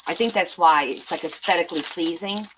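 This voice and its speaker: A crafting vlogger with a lowish voice talks a little fast over a noisy background, chatting casually to viewers as she makes a junk journal. She gushes over stickers and talks to herself while sorting them, using what she calls a valley-girl lilt.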